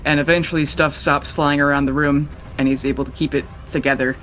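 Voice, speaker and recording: Casual higher-voiced man narrating a game. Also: level tone, brisk, a bit bright. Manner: casual, swears freely, voices characters in passing. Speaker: game master.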